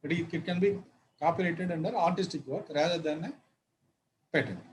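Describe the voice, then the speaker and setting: A man giving a law lecture, halting often with fillers and restarts and spelling words out. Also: on the high side, a little hiss or hum, rough recording.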